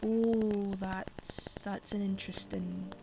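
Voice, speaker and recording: A woman's voice: medium pitch, fairly even intonation, slow, gravelly, music in the background, low-quality recording. A Scottish woman streaming, chatting casually and bluntly while she plays, swearing freely. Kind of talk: casual chat while gaming.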